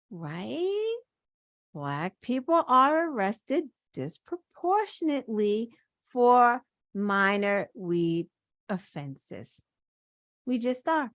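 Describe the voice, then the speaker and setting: A woman's voice: sits high, fairly bright tone, no room sound. A woman hosting her own show, talking in casual political commentary with indignant rhetorical questions and swearing. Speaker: show host.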